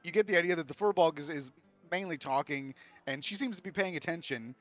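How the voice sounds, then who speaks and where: A man's voice: a little high, fast, a bit bright, soft background music. A man running a tabletop game as game master, narrating in a casual way with many restarts.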